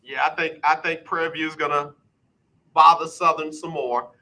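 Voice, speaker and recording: Bright high-voiced radio host. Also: male voice, steady tone, rough recording. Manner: brisk, quizzing back and forth, rhythmic repetition. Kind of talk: casual sports talk radio.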